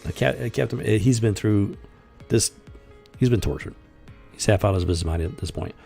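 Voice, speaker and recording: A man's voice: lowish voice, fairly quick, creaky, dark tone, soft background music. A man hosting a comics review show, reading panels aloud and commenting in a sarcastic, exasperated, rambling way.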